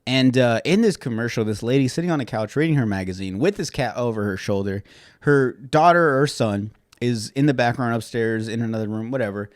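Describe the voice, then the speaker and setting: A man chatting casually as a podcast host, rambling through his thoughts with constant fillers and frequent swearing. His voice sits at an ordinary middle pitch. The sound is dry and close, with no room around it. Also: fairly quick, dry recording. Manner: rambling and profane, with many fillers; grows loud and animated when retelling something funny. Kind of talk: casual chat.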